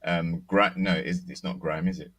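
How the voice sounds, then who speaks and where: A man's voice: deep voice, fairly even intonation, normal speed, a bit bright. A man with a South London accent on a casual podcast panel, speaking hesitantly with many fillers. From London, England.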